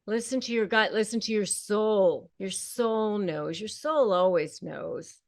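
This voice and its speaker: A woman who hosts and coaches on narcissistic abuse gives a direct-to-camera advice talk in a medium-pitched, slightly slow voice. She speaks emphatically, repeating points to rally the viewer. The recording is dry and studio quality.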